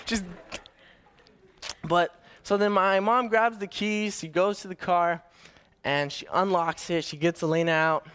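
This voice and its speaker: Young man, casual nervous preacher. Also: sits high. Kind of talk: storytelling sermon.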